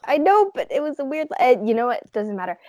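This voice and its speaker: Chatty woman with a fairly high voice. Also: sing-song, fast talker, dark tone, dry recording. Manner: chatty, giggly, trails off with fillers. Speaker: podcast co-host. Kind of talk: casual chat.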